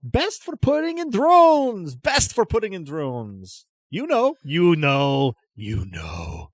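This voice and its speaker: A man puts on a frantic, theatrical street vendor in a tabletop game, his voice jumping high and strained. He repeats his sales lines in a sing-song, pushy patter. The sound is close and dry. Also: huge pitch swings, takes it slowly, no room sound, heavily acted. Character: eccentric pushy male market vendor, theatrical and loud.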